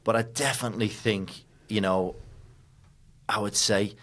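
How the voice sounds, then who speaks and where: A man's voice: lowish voice, steady tone, unhurried, a bit bright. Blunt, swearing male podcast host. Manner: blunt, emphatic, swears freely. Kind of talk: casual conversation.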